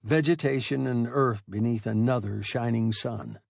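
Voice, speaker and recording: A man narrating a science fiction story in a measured, scripted audiobook reading. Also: medium pitch, vocal fry, no echo, studio quality.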